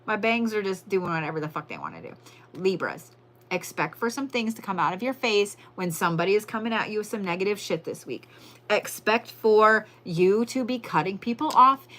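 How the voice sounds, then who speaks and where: A woman's voice: mid-range voice, sing-song, normal speed, fairly bright tone. A woman doing a casual live tarot reading, brash and profane, repeating her lines for emphasis. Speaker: tarot and zodiac reader, livestream host.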